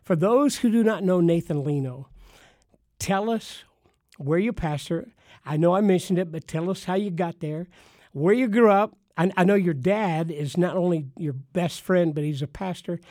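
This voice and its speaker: A man's voice: sits high, normal speed, warm tone, dry recording, studio quality. A man hosting a podcast for pastors, talking in an emphatic, preacherly way with punchy repetition. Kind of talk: enthusiastic ministry podcast talk.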